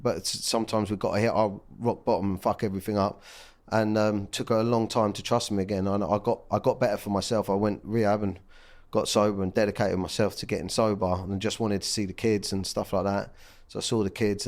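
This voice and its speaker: Podcast guest: man, 30s, low voice, raw and candid, curses a lot. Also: little pitch movement, fairly quick, hardly any pauses, a little mellow. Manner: blunt and emotional, swears freely. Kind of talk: candid casual chat.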